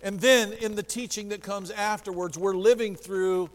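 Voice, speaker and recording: A man preaching a sermon as pastor, animated, dropping to a hush and rising to a shout. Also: high voice, normal speed. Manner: animated, swings from hushed to shouting. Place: church sanctuary. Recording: long reverb of a church hall.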